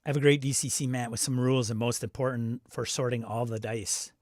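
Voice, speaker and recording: A man's voice: mid-range voice, flat delivery, brisk, darkish tone, no room sound, studio quality. A man hosting a live game stream, reading viewer comments aloud and chatting in a loose, self-interrupting way. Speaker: stream host.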